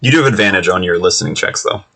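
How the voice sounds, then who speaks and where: A man's voice: deep voice, very fast, gravelly, bright, forceful tone, slight background noise. A man narrating as game master of a tabletop game, loose and full of fillers.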